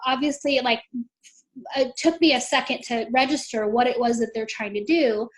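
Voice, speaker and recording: A woman's voice: high-pitched, moderate pace. A woman, a mother, recounting a painful experience in an interview, earnest and emotional, lifting her voice when she quotes others. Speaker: mother telling her story. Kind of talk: interview storytelling.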